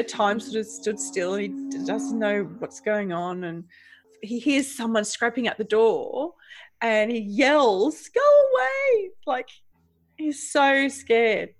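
Female co-host, chatty book talk, animated and quick to laugh. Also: mid-range voice. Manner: animated, laughs often, retells the story with feeling. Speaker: podcast co-host. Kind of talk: casual book discussion.

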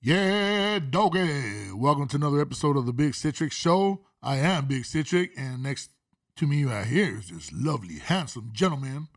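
A man's voice: fairly high pitch, sing-song, moderate pace, no echo, clean studio sound. A man hosting a podcast, bantering easily and laid-back in casual chat. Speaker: podcast host.

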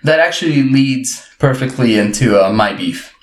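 A man's voice: mid-range voice, lively intonation, normal speed. A man from Uruguay, a podcast co-host, chatting casually and laughing often as he tells self-mocking stories. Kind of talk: casual chat. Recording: roomy echo.

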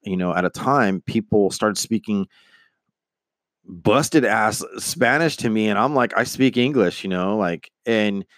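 Low-voiced man telling a story. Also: measured pace, dry recording, studio quality. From United States. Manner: rambling, animated, acts out quoted voices; swears casually. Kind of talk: casual spoken anecdote.

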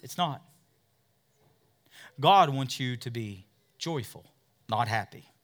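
A male pastor preaching a fervent sermon, drawing call-and-response from the congregation and swinging between loud peaks and hushed asides. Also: mid-range voice, expressive, takes it slowly. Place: church service with a congregation.

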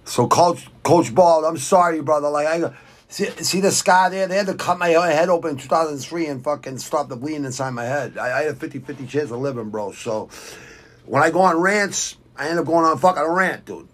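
A man's voice: on the high side, a little fast. A middle-aged man from Boston with a Boston accent, hosting a fight podcast in a blunt, rambling, profane rant while reading viewer comments. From Southwest Quincy, Massachusetts. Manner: blunt, rambling, heavy swearing. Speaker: podcast host.

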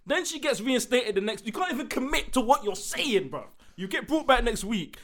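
Young man, casual podcast rant, wide-ranging pitch, bright tone. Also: moderate pace. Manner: animated, ranting, mimics people he talks about. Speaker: podcast co-host. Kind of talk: casual chat.

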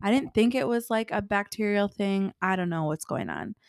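A young woman co-hosts a relaxed chat podcast and tells her stories with energy, acting out her own reactions along the way. Her voice sits at an ordinary middle pitch. The sound is dry and close, with no room around it. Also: normal speed, clean tone, no room sound. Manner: animated storytelling, acts out her own reactions. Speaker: podcast co-host. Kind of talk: casual chat.

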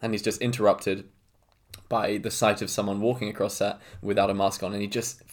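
A man's voice: lowish voice, level tone, fairly quick. A young man co-hosting a casual podcast chat, chatty and self-mocking, laughing often. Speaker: podcast co-host.

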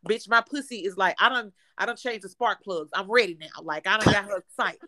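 A woman, co-hosting a podcast and telling a story in casual, profane, animated chat with plenty of laughter. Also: fairly high pitch, brisk. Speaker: podcast co-host.

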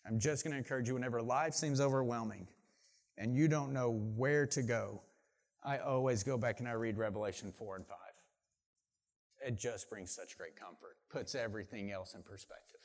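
A man's voice: mid-range voice, moderate pace, pauses often. A man preaching a sermon, reading scripture aloud with rising force and dropping into casual asides to the congregation. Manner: animated, builds volume and pace when reading scripture aloud. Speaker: pastor.

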